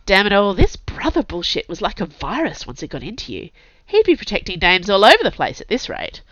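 Brief: woman audiobook narrator, brisk and gritty; dry, lo-fi recording. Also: mid-range voice, wildly swooping pitch, fairly bright tone, no echo. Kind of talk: scripted narration.

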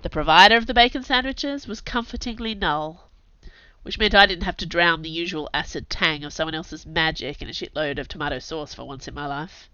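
A woman narrates a first-person novel with wry, sardonic humor. Her voice is bright and slightly low-pitched, with lively swings in pitch. The recording is dry and a little dull. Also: fairly quick, clear, resonant tone, no echo. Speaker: audiobook narrator.

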